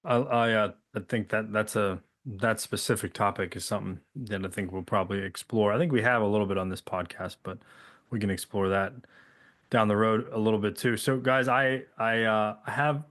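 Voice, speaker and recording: A man's voice: fairly low pitch, fairly even intonation, normal speed, fairly bright tone. A man hosting a recovery podcast in casual chat, hesitant and stammering, openly moved close to tears. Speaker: podcast host.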